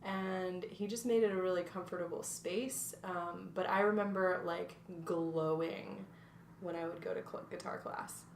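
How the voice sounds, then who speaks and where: This North Carolina guest, a woman in her twenties, chats casually in an interview, reflective and full of fillers and restarts. Her gravelly voice is on the low side, with a steady tone and an unhurried pace. A distant mic in an echoey room picks her up along with faint noise.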